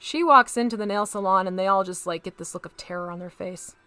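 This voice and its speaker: A woman's voice: mid-range voice, fast talker, pushed and bright, no room sound, faint music behind. A woman hosting a casual live stream, chatting to viewers as she paints miniatures and talks through each step.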